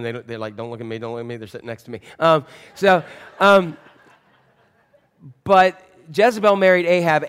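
Male pastor, jokey church sermon, animated storyteller, slightly higher voice. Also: clean tone.

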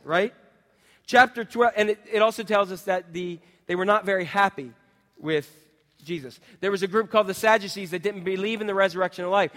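High-voiced preacher in a reverberant hall. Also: male voice, a bit bright. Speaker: pastor. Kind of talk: sermon.

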